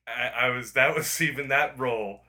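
A man's voice: medium pitch, normal speed, bright, forceful tone. A man in casual chat who rambles, restarts his sentences a lot and swears now and then.

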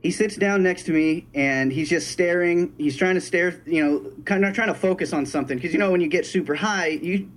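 A man telling a story in casual chat, animated and profane, acting out the people he quotes. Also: high-pitched, a little fast, hardly any pauses.

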